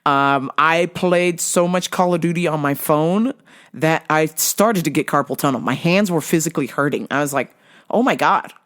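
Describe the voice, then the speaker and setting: A woman's voice: deep voice, normal speed. A woman hosting a podcast, telling a comic story in a casual, profane way, acting out her own reactions and laughing often. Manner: laughs often between lines. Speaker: podcast host.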